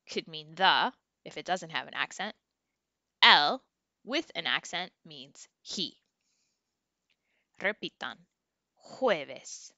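Slow, bright-voiced woman teaching Spanish. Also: fairly low pitch, no echo. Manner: slow, clear modelling of words for learners to repeat; chanting word lists with a rising final word. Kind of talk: online language lesson.

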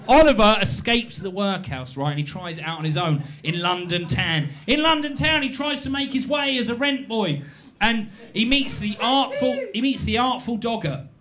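A young man in his twenties performing live stand-up comedy in a small venue, animated and playful with dry asides. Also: sits high, normal speed. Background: audience laughter.

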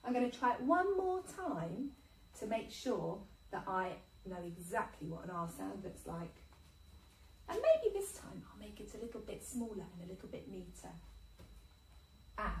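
Slow sing-song woman teacher. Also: mid-range voice, very animated, roomy sound, far from the mic, poor audio. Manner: sing-song, slow and encouraging, sounding out words. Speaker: infant school teacher. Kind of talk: phonics lesson for young children.

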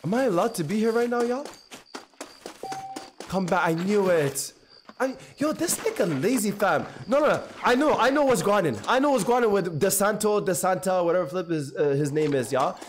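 A hoarse young man streams gameplay live, his voice pitched high and chatty, full of slang and excitable asides. Steady background noise and key clicks run under his talk. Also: normal speed. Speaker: gaming streamer. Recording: noisy stream audio with clicks.

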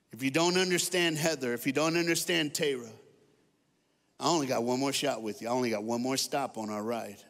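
A man's voice: medium pitch, fairly bright tone. A man, a guest speaker telling a story in a sermon, with playful asides to the crowd. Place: large church hall. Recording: long reverb of a large church.

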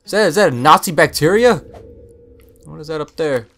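A young man talking casually over his gameplay, exclaiming at each surprise and puzzling out loud. His voice sits a little high and sounds bright and forward. Game music runs faintly underneath. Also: a little fast. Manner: excitable, confused exclamations. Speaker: gameplay commentator. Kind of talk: casual let's-play commentary.

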